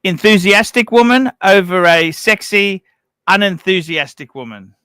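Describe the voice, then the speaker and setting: A man's voice: sits high, measured pace, sharp tone, clean tone, no echo. A man hosting a casual livestream chat, asking blunt, provocative questions. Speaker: livestream host.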